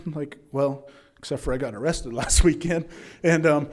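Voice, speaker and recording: A man at a recovery meeting recounting his own story at an average pitch. He talks loosely and conversationally, leaning on "right?" and plenty of fillers. He slips into the voices of the people in his story. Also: moderate pace. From Utah, USA. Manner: acts out dialogue of others in his story. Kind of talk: personal recovery testimony.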